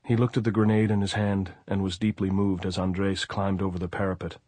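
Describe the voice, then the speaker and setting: A man reading an audiobook in a steady, measured voice. His pitch is low and his tone husky. The sound is dry and close. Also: no room sound. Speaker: audiobook narrator. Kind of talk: audiobook narration.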